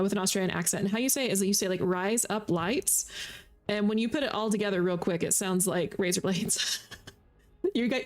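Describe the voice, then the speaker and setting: A woman VTuber streamer chatting casually as she plays a game, reacting aloud and laughing often. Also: medium pitch. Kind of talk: casual gameplay commentary.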